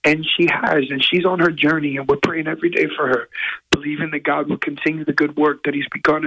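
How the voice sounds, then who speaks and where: A man, a guest musician, telling a personal story in an earnest, halting, emotional way from a hotel room. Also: fairly high pitch, vocal fry, pushed and bright, rough recording.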